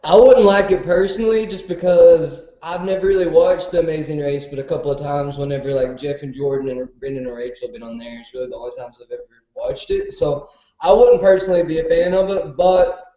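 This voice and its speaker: A man's voice: on the high side, brisk, warm tone, roomy sound, dull audio. A man chatting casually in a rambling, hedging way that trails off. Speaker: panel guest. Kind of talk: casual group chat.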